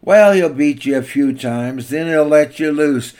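A man's voice: a little high, unhurried, darkish tone, smooth, natural voice. A man voicing a cocky male bulldog who mocks and boasts, in a storytelling sermon. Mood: scheming. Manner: mocking, boastful.

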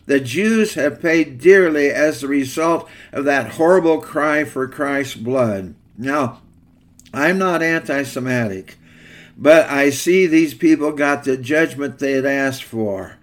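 A man's voice: mid-range voice, takes it slowly. A man preaching a sermon in an earnest way, reading scripture aloud between plain remarks.

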